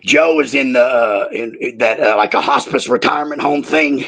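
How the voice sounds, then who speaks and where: A man's voice: mid-range voice, normal speed, creaky, fairly bright tone. A man in his sixties, born in Australia and raised in the United States, telling rowdy, profane stories as a guest on a talk show. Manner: rowdy, profane, laughing storyteller. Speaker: guest, former wrestler. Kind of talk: profane storytelling chat.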